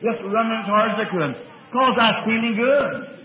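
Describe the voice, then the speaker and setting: Preacher man, high voice, rustic drawl, old tinny tape. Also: moderate pace. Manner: rustic drawl, excited bursts of praise. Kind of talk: folksy storytelling sermon.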